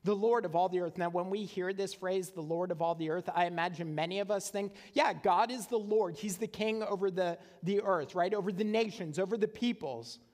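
A man's voice: high voice, fairly quick, few pauses, darkish tone, big-room sound. A male pastor preaching a sermon in a conversational way, often checking in with the congregation with "right?". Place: church sanctuary.

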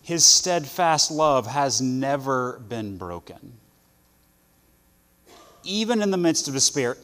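Earnest male preacher in an echoey hall. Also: a little high. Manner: earnest, swings between loud stresses and soft asides. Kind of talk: sermon.

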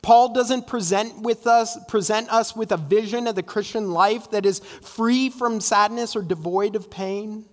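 A man's voice: high voice, measured pace, few pauses, long reverb tail. A man preaching an earnest, emphatic sermon in a church, often tossing in "right?" asides. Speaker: pastor. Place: church sanctuary.

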